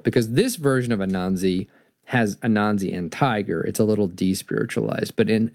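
A man hosting a storytelling lecture, reading a story aloud and musing on its meaning with frequent restarts. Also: lowish voice. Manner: animated, musing, full of restarts. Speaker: host.

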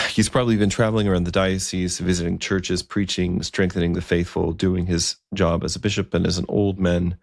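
Male storyteller, conversational, very deep voice, gravelly fry, dry close sound. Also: level tone, a little fast, no room sound. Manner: conversational, vivid retelling. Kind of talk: storytelling narration.

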